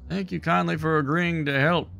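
A man's voice: fairly high pitch, fairly even intonation, moderate pace, creaky, pushed and bright, soft background music, voice pushed up. A man voicing a nervous, earnest young male bard while reading game dialogue aloud. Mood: earnest, wistful. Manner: reads the bard's lines aloud in his own voice.

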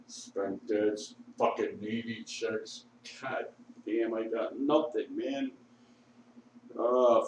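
A man's voice: lowish voice, heavy reverb, distant mic, slight background noise, low-quality recording. An intoxicated man rambling profanely with laughs, talking outdoors on a street corner. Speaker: vlogger.

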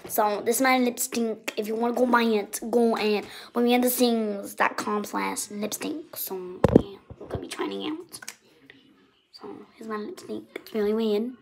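A woman playing a bratty, self-absorbed young vlogger who talks in a whiny, petulant, deliberately clueless way. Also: fairly high pitch, steady tone, vocal fry, noisy background. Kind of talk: comic character vlog.

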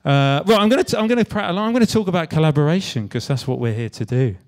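Speaking very fast in a fairly high, expressive and slightly mellow voice, this young West Country Englishman jokes and swears through a casual stand-up style talk at a creative event. He trades self-deprecating banter with the live audience in the venue.

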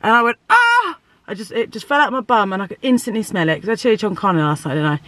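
A woman's voice: mid-range voice, expressive, rapid-fire, fairly bright tone, dry recording. A woman chatting casually to her phone for a vlog, telling stories, swearing freely and laughing often. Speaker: vlogger. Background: music.

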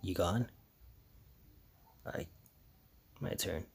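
Slow, exasperated man gaming. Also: low voice, vocal fry, breathy edge. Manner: jittery, exasperated muttering with hushed asides. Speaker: gamer playing a horror game. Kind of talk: let's-play commentary.

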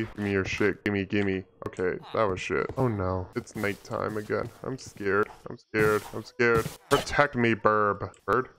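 A man's voice: fairly low pitch, a bit bright, slight background noise. A young man giving crude, panicky, mock-grandiose commentary over his gameplay. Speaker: gaming YouTuber.

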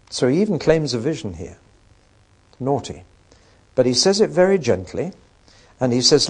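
A man's voice: medium pitch, very animated, normal speed, pauses often, breathy edge. A man giving a conversational Bible lecture, with wry asides and rhetorical questions to his audience. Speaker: Bible teacher.

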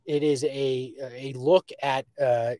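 A man's voice: mid-range voice, fairly even intonation, slow pace, mellow, dry recording. A man co-hosting a sports podcast, chatting casually and joking around. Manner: jokey, does character voices. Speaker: podcast co-host.

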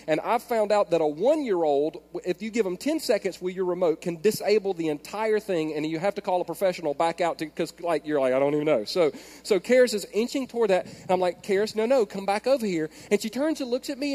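Male pastor, sermon style, high-pitched, with a long reverb from a large hall. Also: quick pace. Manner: animated storytelling, swings from hushed prayer to shouting.

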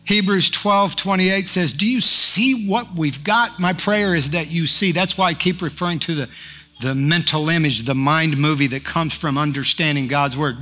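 A man's voice: a little high, normal speed, pushed and bright, faint music behind. A male pastor preaching a sermon, fervent and declaring, rising to emphatic peaks.

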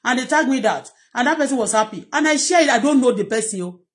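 A woman's voice: fairly high pitch, animated, quick pace. Impassioned Nigerian woman vlogging. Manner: impassioned, repetitive, pleading. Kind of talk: emotional personal vlog.

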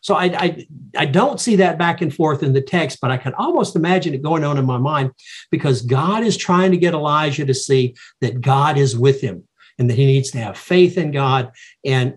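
Husky man teaching Bible study. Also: medium pitch. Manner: reflective, explanatory, halting.

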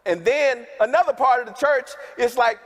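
A man with a notably high voice preaches to a gathered congregation, folksy and direct, calling out to the people in the pews. His words ring out with a long reverb from the big worship hall. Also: normal speed, fairly bright tone. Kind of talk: sermon.

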